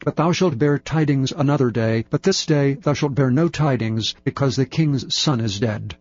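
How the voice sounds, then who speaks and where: A man's voice: mid-range voice, moderate pace, a little mellow, highs cut off, close to an everyday voice. A man voicing a stern male army commander who speaks firmly.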